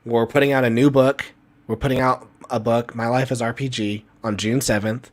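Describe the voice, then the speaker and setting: A man's voice: mid-range voice, moderate pace. Man ranting on a live stream. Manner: animated, ranting, repeats himself. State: sick, tired. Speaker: comic artist and channel host.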